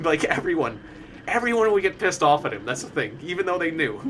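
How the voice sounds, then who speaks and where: Game streamer, male, animated delivery, rambling and giggly, light hiss in the background. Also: fairly high pitch, normal speed. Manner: rambling, laughs often, many fillers. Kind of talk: casual live-stream chat while gaming.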